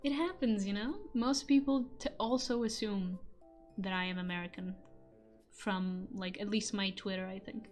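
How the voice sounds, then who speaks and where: A woman's voice: mid-range voice, fairly even intonation, normal speed, a little mellow, soft background music. A young woman from Europe with a European accent, chatting casually with her stream audience, laughing often and swearing now and then. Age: young adult. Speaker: streamer and voice actor. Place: home room. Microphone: microphone on a desk stand.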